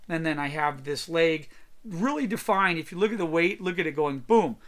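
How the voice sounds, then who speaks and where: A man with a fairly high voice explains figure sketching as he draws on his computer. His tone is bright and forceful, and his talk is loose and chatty, full of little asides. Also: moderate pace. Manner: casual, energetic explaining with filler words like boom and right. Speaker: drawing instructor. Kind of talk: screen-recorded drawing demo.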